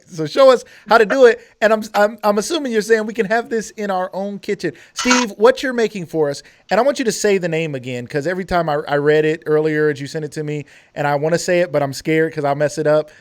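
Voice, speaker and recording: A male host of a live cooking stream, playful and quick to joke. He teases his guest and reads out viewer comments with plenty of energy. His voice sits slightly high. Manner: playful, joking, excitable.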